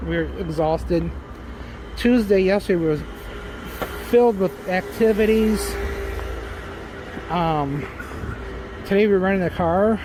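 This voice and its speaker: Speaking in a high voice, this middle-aged channel host talks slowly and pauses often while filming a relaxed travel vlog on his handheld phone. He strolls along a city sidewalk before moving into a small car, joking and filling his chatter with fillers. Background noise is heavy.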